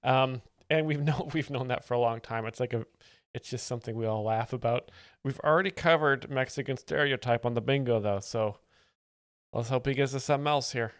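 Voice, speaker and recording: A man who hosts a show explaining jokes, giving deadpan mock-expert commentary in a dry, matter-of-fact way. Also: medium pitch, a little fast, no echo.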